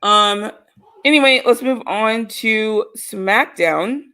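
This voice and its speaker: A woman co-hosts a casual podcast, chatty and a little rambling as she reads comments aloud. Her voice is bright and forceful. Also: on the high side, slow pace. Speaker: podcast co-host. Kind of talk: casual chat about wrestling.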